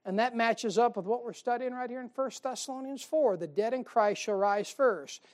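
Woman preaching with rhetorical questions. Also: on the high side. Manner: conversational, fires rhetorical questions at listeners; reads scripture slowly and louder. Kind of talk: Bible-study sermon.

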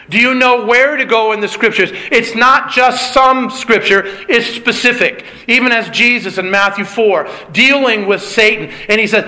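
A man's voice: high-pitched, sharp tone. A man preaching a sermon as pastor, emphatic, firing off rhetorical questions at his congregation. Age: adult with a young child.

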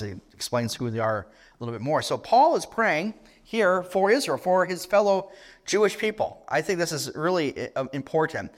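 A man's voice: on the high side, big pitch swings, normal speed. A middle-aged man preaching a sermon in an earnest tone, asking rhetorical questions and restarting his phrases.

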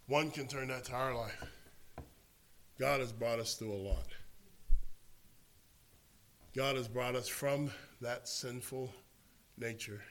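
A man preaching a sermon, telling a story and swinging from quiet narration to loud exhortation. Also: medium pitch, fairly even intonation, slow, pauses often, reverberant.

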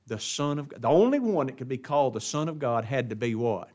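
Preaching briskly with few pauses, this man has a medium-pitched voice with big pitch swings. He moves between loud, emphatic stresses and quiet asides, often asking the congregation questions.

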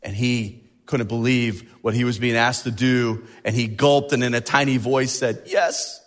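A male pastor preaching a sermon in an animated way, stretching out key words for emphasis. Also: mid-range voice, normal speed, in a large hall.

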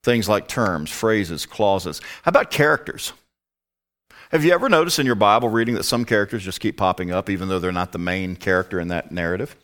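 A man's voice: low voice, animated, a little fast, a bit bright. A man teaching a Bible study, emphatic and prone to rhetorical questions.

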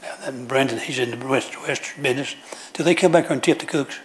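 A man's voice: medium pitch, a little fast. A man preaching a sermon in a church, telling folksy stories with frequent restarts and repeated phrases.

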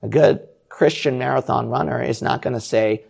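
Gravelly, husky male preacher. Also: mid-range voice, moderate pace, few pauses, darkish tone. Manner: exhorting, repetitive rhetorical questions. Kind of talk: sermon.

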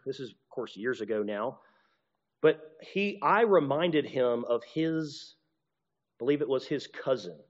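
A man giving a conversational teaching talk to a group, acting out short exchanges and often restarting his sentences. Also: medium pitch. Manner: conversational, acts out little dialogues, many restarts. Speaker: preacher or teacher. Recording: dull, muffled sound with a long hall reverb.

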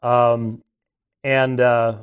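A man's voice: mid-range voice, flat delivery, very slow, clear, resonant tone. A middle-aged man hosting a talk show, telling rambling, conversational stories and often restarting his sentences. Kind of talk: casual anecdotal storytelling.

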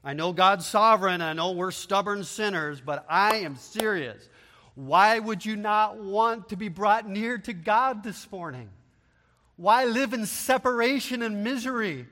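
A pastor delivering an impassioned sermon in a high, bright man's voice. He takes his time, leaning on words and letting the long reverb of a large church hall ring after each phrase. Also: expressive, a little slow. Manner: impassioned preaching, swinging from hushed to loud. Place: church sanctuary.

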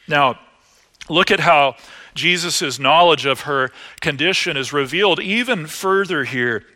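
A man preaching a sermon, moving between loud emphatic lines and hushed, quieter asides. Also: fairly high pitch. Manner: animated, rising to loud emphasis then dropping to hushed asides.

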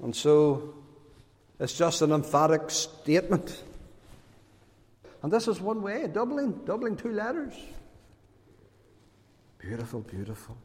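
A man preaches a sermon at an unhurried, deliberate pace, leaning hard on key words. His voice sits high for a man. The sound carries the long reverb of a church hall. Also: darkish tone. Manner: emphatic, lingering on key words. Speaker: pastor.

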